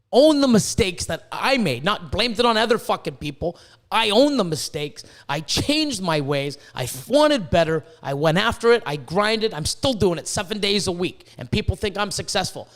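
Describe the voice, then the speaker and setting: A man with a high voice hosts a casual podcast, rambling, swearing and telling animated stories. He's a reptile breeder, and he's hot and sweating in an overheated indoor room with a fan running.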